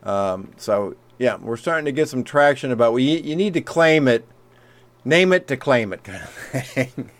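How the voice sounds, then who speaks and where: A man's voice: mid-range voice, animated, moderate pace. A man co-hosting a podcast, chatting casually and rambling through a recommendation. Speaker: podcast co-host. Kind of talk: casual chat.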